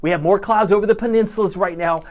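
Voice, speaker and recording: A man's voice: high-pitched, fast talker. A middle-aged man, a chief meteorologist, presenting a live weather broadcast in a folksy, chatty way with jokey asides.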